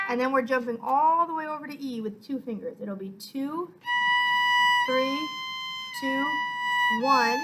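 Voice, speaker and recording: A woman violin teacher giving a patient, step-by-step lesson, counting beats aloud and filling pauses with "uh" and "um". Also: sits high, rough recording. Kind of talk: online music lesson.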